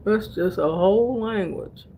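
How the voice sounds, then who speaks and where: A woman's voice: mid-range voice, measured pace, mellow, slight background noise. An older woman from Delaware chatting casually to camera as a vlogger. She calls her viewers honey and baby and laughs easily while telling stories. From Delaware, USA.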